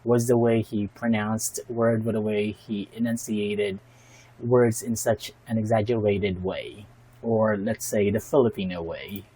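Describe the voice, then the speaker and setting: A man's voice: fairly low pitch, steady tone, unhurried, mellow, slightly rough, poor audio. Man reacting with thoughtful, admiring commentary. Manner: thoughtful and admiring, with many fillers and restarts. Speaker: reaction video host. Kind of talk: casual spoken commentary.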